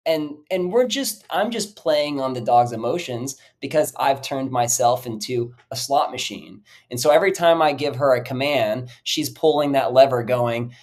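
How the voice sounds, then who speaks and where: A man hosting a casual podcast about dog training, telling rambling, animated stories full of "like" and the odd swear word. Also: medium pitch, moderate pace, few pauses.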